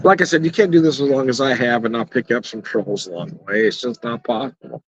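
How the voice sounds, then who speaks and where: Speaking quickly in a mid-range voice, a middle-aged man rambles through a casual beer review outdoors at evening time. He chuckles a lot and swears bluntly, and the dry, dull, slightly lo-fi audio has no echo.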